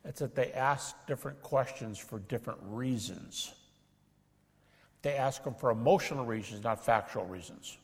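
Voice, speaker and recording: A middle-aged man teaching a lecture to an audience, acting out dialogues with doubters in an animated way. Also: medium pitch, moderate pace, long reverb tail. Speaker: speaker teaching apologetics.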